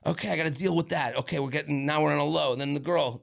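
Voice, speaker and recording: A man co-hosting a podcast, telling an animated, rambling story in casual chat with lots of fillers and restarts. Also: on the high side, rapid-fire, vocal fry, few pauses. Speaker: podcast co-host.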